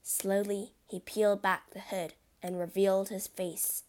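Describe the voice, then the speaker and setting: A woman's voice: mid-range voice, steady tone, a little slow, hardly any pauses. A woman reading a classic adventure story aloud as narrator, with a dramatic delivery.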